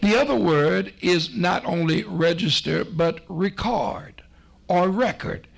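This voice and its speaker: A man preaching a sermon, slow and emphatic, with repetitions and a folksy storytelling manner. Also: high voice, vocal fry. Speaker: pastor.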